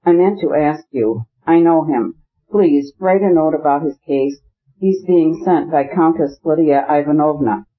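A man's voice: a little high, a little slow, phone-quality sound. A male narrator voicing an eager, chatty society princess in an audiobook. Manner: chatty, gushing.

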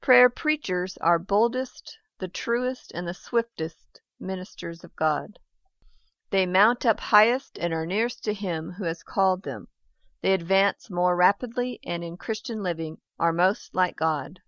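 A woman reading a devotional text aloud in a measured, solemn way. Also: lowish voice, a bit bright, dry recording. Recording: dry, slightly dull recording.

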